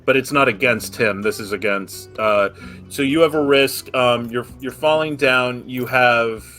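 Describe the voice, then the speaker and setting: A man running a tabletop role-playing game, explaining rules and narrating events in a relaxed way. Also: medium pitch, a little slow, soft background music. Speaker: game master.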